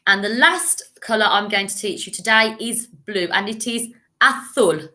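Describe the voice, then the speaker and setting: This English woman teaches primary school and is recording a children's lesson, modelling words for them to echo in a clear, encouraging way. She speaks at a medium pitch, a little slowly, with a sharp tone.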